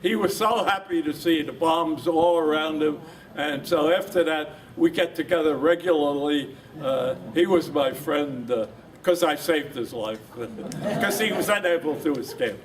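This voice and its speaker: A man's voice: a little high, unhurried. An older man, a veteran from New Jersey, telling his war story at a reunion and acting out the voices he quotes. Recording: distant mic with background noise.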